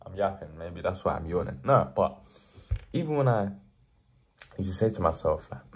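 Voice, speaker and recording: A young vlogger gives an earnest motivational talk straight to the camera, pushing the value of hard work and building to emphatic moments. His low voice carries lively intonation at a moderate pace, and he pauses often.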